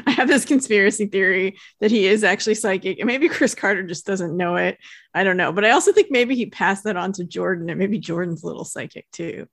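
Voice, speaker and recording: Woman, podcast co-host, gravelly voice, relaxed playful chat, dry close mic. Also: medium pitch, dry recording. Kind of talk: casual chat and read episode intro.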